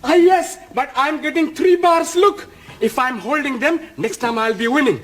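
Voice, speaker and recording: A man's voice: very high voice, moderate pace, fairly bright tone. An actor playing a fretful man hooked on a slot machine, speaking English in odd continuous tenses.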